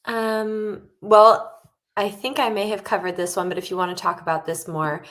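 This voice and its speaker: A woman's voice: mid-range voice, moderate pace. Woman moderating webinar questions. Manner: relaxed, hesitant "um"s while reading questions. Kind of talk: live webinar Q&A. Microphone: video call.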